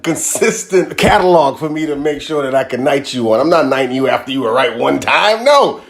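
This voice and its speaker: A man's voice: fast talker, vocal fry. A man co-hosting a casual sports podcast, playful and teasing, his voice jumping up when he jokes around. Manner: playful, teasing, animated, jumps high when joking. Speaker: podcast co-host.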